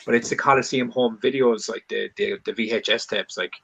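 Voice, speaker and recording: Gravelly, rambling man. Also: fairly low pitch, fairly even intonation, fairly quick, sharp tone, poor audio. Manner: rambling, heavy swearing, loose storytelling. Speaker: co-host. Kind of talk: casual podcast chat.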